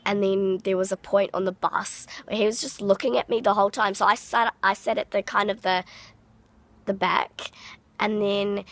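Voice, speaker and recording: A woman's voice: mid-range voice, steady tone, normal speed, fairly bright tone. A woman vlogger telling a personal story in a rambling way, full of fillers and acted-out quotes. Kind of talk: storytime vlog.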